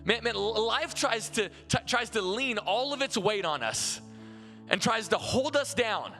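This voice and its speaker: A man preaching in a high, bright voice, chatty and animated, stumbling and restarting as he tells his story. His sermon rings through a big church hall, with soft music underneath. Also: measured pace. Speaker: pastor. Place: large church auditorium.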